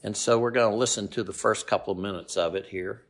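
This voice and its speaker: A man hosting a show, relaxed and folksy, saying y'all as he sets up a clip. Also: lowish voice, fast. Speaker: host presenting a clip. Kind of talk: casual talk to listeners.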